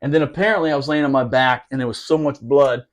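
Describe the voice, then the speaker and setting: A man's voice: mid-range voice, fairly even intonation, fast talker. A man telling a rowdy, profane story about his Marine days, laughing as he goes. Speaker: podcast storyteller, former Marine. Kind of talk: casual storytelling.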